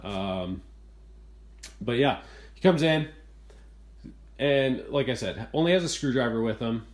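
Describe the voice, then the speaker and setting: Exasperated male homeowner, handheld home-video complaint, hurried retelling. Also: medium pitch, expressive. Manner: exasperated, retelling events in a rush. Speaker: homeowner reviewing appliances. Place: inside a home kitchen.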